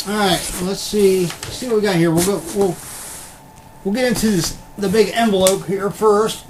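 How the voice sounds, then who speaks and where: Through a computer webcam with background noise, a man with a high voice talks at a moderate pace and with fairly even intonation. He is an unboxing vlogger opening collectibles, chatting in a rambling, casual manner with lots of ums and an occasional curse.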